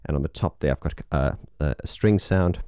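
With an early morning voice that's extremely low, darkish, and a little fast, a keyboard player casually demos his setup, rambling enthusiastically with many fillers. The recording is dry and clean, studio quality.

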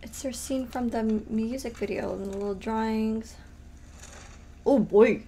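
A young woman reacting to a video in casual, animated commentary, often exclaiming and laughing. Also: fairly high pitch, measured pace, slight background noise. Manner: animated, exclaiming and laughing at what she watches. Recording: music playing behind her voice. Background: faint music.

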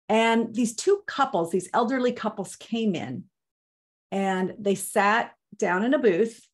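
A woman in her fifties teaches a seminar and drifts into a personal story along the way. Her voice sits at a middle pitch. She sounds eager and warm about her material, and her speech is full of ums and restarts. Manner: enthusiastic storyteller, frequent ums. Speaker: Jewish educator.

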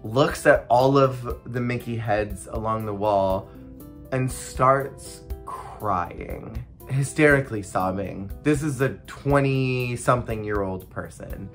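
A former theme park cast member telling stories in a casual vlog, wry and blunt and reflective, animated when acting out other people. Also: mid-range voice, slow, faint music behind. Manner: animated, acts out quoted people.

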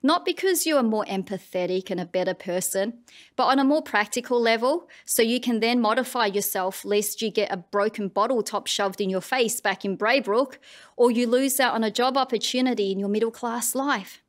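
An Australian woman gives a public address as a writer, with a slightly high voice. Her delivery is wry and conversational, with pointed asides. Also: moderate pace. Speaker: writer giving an annual address.

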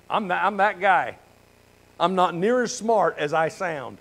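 A man's voice: high-pitched, lively intonation, a little slow, a bit bright, a little hiss or hum, low-quality recording. A man in his sixties, a pastor praying fervently and then preaching in a folksy, candid way in a church. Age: 60s. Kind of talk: prayer and casual sermon. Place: church sanctuary.

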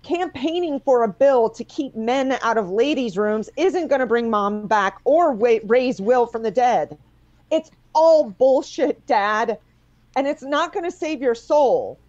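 A woman's voice: a little high, animated, measured pace, few pauses, a little mellow, highs cut off. A woman playing a blunt, pleading adult daughter confronting her father in a stage play. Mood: angry.

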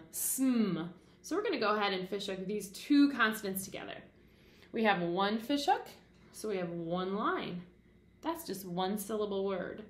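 Kindergarten teacher, woman, sing-song phonics lesson, mid-range voice, roomy echo. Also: medium pitch. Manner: sing-song teacher voice, asks and answers questions. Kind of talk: phonics lesson for young children.

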